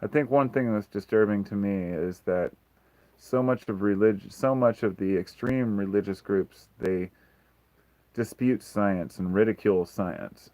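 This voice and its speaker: Man, very low voice, dry sound, frank rambling livestream host. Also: measured pace, darkish tone, dry recording, low-quality recording. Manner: frank, rambling, swears freely. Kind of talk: casual livestream Q&A chat.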